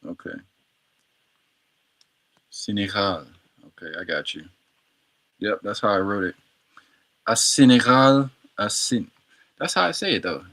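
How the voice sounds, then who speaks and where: A man with a somewhat low voice talks through his language practice on a livestream. He repeats each word several times and drops in easy slang between tries. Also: lively intonation, unhurried, pauses often, a bit bright. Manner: repeats words over and over, slangy and playful. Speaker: streamer learning Arabic.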